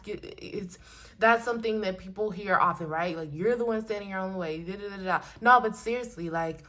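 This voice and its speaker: Earnest woman giving an oracle card reading. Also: mid-range voice. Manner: earnest, affirming, animated and emotional. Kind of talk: casual spiritual card reading.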